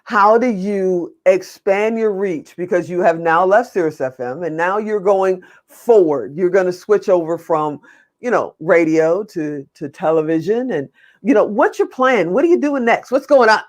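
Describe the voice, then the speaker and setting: A woman's voice: on the low side, animated, normal speed. Female host, effusive and gushing, casual interview chat.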